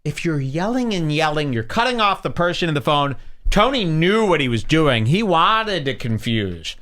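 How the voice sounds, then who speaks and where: A man's voice: on the high side, moderate pace. A man hosting a podcast, scornfully commenting on clips he plays. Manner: scornful, animated storytelling. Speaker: podcast host. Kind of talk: casual commentary over clips.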